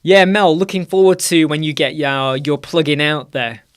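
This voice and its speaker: A man's voice: on the high side, normal speed, clean tone. A young man hosting a live web design Q&A stream, talking casually with energy and repeating key phrases for emphasis.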